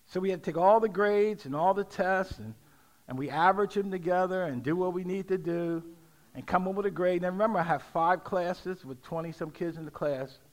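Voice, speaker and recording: A middle-aged man preaching a sermon, leading call-and-response and rising to shouts. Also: sits high, brisk. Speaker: pastor.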